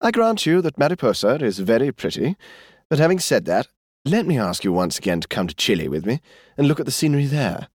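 A man's voice: mid-range voice, big pitch swings, fairly quick, darkish tone, no room sound, voice pushed up. A man voicing a weary fifty-five-year-old diplomat in an audiobook, speaking dryly and patiently. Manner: dry, patient, protesting. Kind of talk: audiobook character voice.

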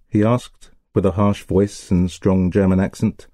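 A man reads a storybook aloud in a plain, steady manner. His voice is low and mellow. The sound is dry and close. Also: unhurried, dry recording. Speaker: narrator. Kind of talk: storybook reading.

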